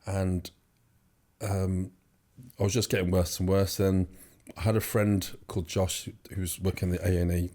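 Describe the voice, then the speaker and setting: A man's voice: sits low, little pitch movement, moderate pace, mellow. A young man telling his story as an interview guest, rambling with many fillers and restarts. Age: young adult. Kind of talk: casual storytelling.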